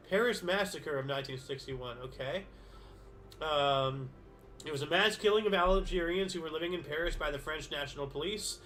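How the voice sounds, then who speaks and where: A man's voice: high voice, fairly bright tone, a little hiss or hum. A man hosting a daily history show, reading dated events aloud and musing about them in a casual, rambling way with many fillers and self-corrections. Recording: faint background music.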